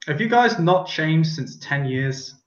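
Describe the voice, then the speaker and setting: A man playing a tabletop roleplaying game, speaking in a calm, mild and polite manner. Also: fairly high pitch, a little slow, reverberant, lo-fi sound. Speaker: player.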